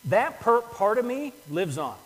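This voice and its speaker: Older male pastor, earnest sermon delivery, slightly high voice, long church reverb. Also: sing-song, a little slow. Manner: earnest, repeats words while building a point.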